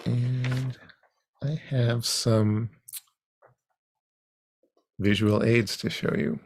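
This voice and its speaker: Slow, gravelly-voiced man teaching a class. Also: mid-range voice, steady tone, no room sound. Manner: unhurried, halting with frequent ums. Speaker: comics workshop instructor. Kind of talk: teaching an online workshop. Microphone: video call.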